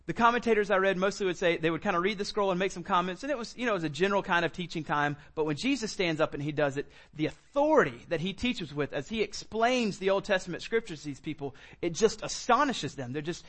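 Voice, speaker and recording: A man's voice: high voice, expressive, quick pace, hardly any pauses, fairly bright tone. A man preaching a sermon as pastor, talking in a loose, conversational way with fillers and repeated words.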